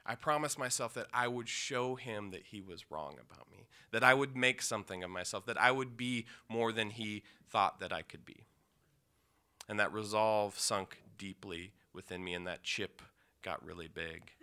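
Man, intense personal storytelling, very bright voice, smooth and clear. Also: lowish voice. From Yakima, Washington, USA. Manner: emotional, intense, with pauses and restarts.

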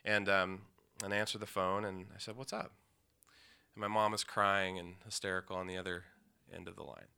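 A man from the Pacific Northwest telling an emotional personal story, intense, with pauses and restarts. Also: sits low, steady tone, gravelly, pushed and bright, clean tone. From Yakima, Washington, USA.

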